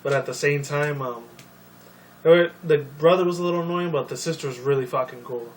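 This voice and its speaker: A man's voice: fairly high pitch, brisk. Rambling profane young man, distant mic. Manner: profane, rambling, many fillers. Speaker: video commentator. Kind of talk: casual rambling commentary. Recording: distant mic with faint noise.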